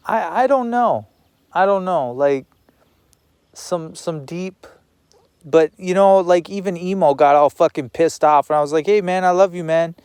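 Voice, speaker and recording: Man, personal vlog monologue, slow and rambling, slightly high, dry close sound. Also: darkish tone, clean tone, dry recording. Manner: rambling, repeats himself, swears.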